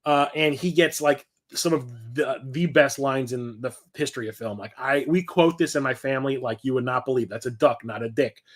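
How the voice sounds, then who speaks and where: A man's voice: mid-range voice, brisk, hardly any pauses. A middle-aged man chatting casually about his new movie purchases, rambling and enthusiastic. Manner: enthusiastic and rambling, quoting movie lines with laughs. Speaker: host of a physical media collection show.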